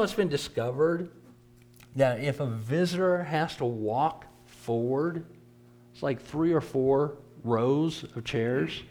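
A man preacher teaching a church class lesson, conversational and repeating words for emphasis. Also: on the high side.

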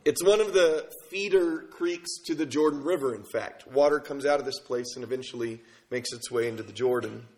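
A man's voice: mid-range voice, fairly quick, hardly any pauses, a little mellow. A man from Minnesota preaching a sermon as pastor, telling stories conversationally and asking the congregation rhetorical questions. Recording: echoey room.

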